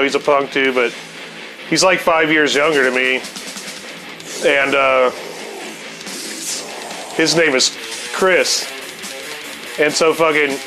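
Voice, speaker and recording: A man's voice: a little high, low-quality recording. A man in his fifties telling a profane personal story in a laid-back, casual way as a podcast host. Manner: laid-back, swears constantly, laughs at his own stories.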